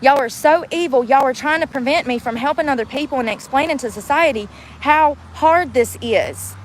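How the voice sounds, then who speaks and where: A woman with a high voice vlogs about being homeless, ranting bluntly in a mouthy, profane way at a normal speed. She films outdoors and in a car, and the rough recording picks up street and traffic noise.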